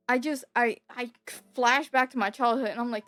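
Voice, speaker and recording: A young woman with a fairly high voice tells a personal story in casual, rambling talk. She swears freely, repeats herself, and grows louder and more emotional when upset. The room sounds dry, with soft music playing underneath. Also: steady tone, moderate pace, few pauses, no echo. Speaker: streamer.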